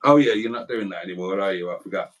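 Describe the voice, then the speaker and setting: A middle-aged man from South Wales hosts a casual livestream, reading out viewer comments and chatting in a rambling, self-deprecating way. His voice sits low, and he talks fast.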